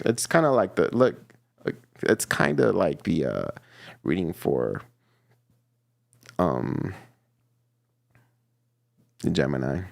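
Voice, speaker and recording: A man giving a casual, playful tarot reading to his viewers, chatty and quick to laugh. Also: sits low, very animated, gravelly, no echo. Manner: chatty and playful, laughs often, repeats himself. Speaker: tarot reader.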